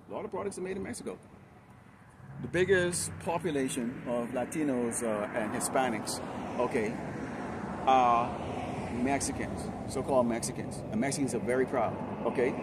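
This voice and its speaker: Loud confrontational male street preacher. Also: on the high side. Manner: loud, confrontational, crude insults. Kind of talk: fiery street sermon. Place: outdoors by a busy street. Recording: loud traffic noise outdoors. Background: loud traffic.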